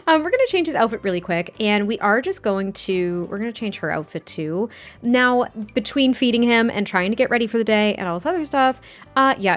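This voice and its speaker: A woman casually narrating her life-sim gameplay, giggly and rambling with lots of fillers. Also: medium pitch. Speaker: life-sim game YouTuber. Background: faint background music.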